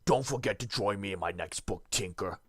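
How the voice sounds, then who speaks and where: A man's voice: low-pitched, fairly quick, slightly rough, no echo, studio quality. A man voicing a boastful four-armed male metal master from a game book, in a put-on accent with a smug, showy delivery.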